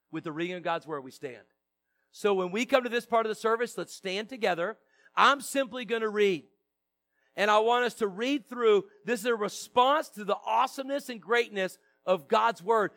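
High-voiced pastor reading scripture aloud. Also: male voice, a bit bright. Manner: casual, joking asides to the congregation. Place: church sanctuary.

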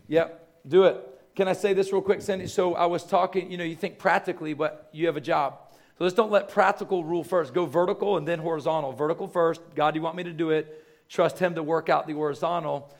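A man, the pastor, preaching in a church with quick, conversational delivery. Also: a little high, creaky. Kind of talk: sermon. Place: church sanctuary.

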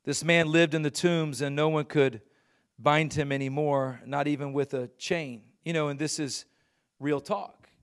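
A middle-aged male pastor preaching a sermon, reading scripture and building to loud, emphatic points. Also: on the high side, steady tone, measured pace, clean tone.

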